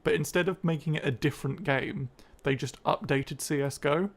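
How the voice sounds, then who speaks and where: Casting: male co-host, slightly high voice with heavy fry, relaxed gamer banter. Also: normal speed. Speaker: podcast co-host. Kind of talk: casual improvised chat.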